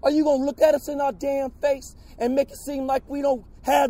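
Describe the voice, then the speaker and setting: A man gives an angry, shouted protest speech, repeating his questions. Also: very high-pitched, level tone, normal speed, few pauses, no echo. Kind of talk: impassioned public speech.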